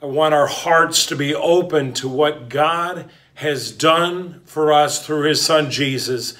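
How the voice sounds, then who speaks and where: A male pastor delivering a sermon, his voice sitting a little high for a man. He takes his time, letting weighty pauses settle between phrases. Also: fairly bright tone. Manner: slow, deliberate preaching with dramatic pauses.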